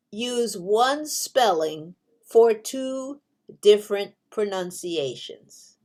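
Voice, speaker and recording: Very slow, patient woman teaching English. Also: mid-range voice, expressive. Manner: drawn-out, carefully spaced delivery with examples.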